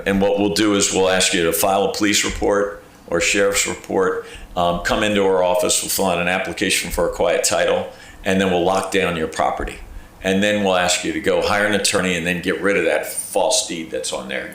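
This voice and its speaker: Speaking in a low voice, this county clerk of court gives a presentation to a village council, telling stories in a conversational, emphatic way. He animatedly acts out phone calls and quotes, leaning on "okay?" for emphasis, in a very echoey council chamber.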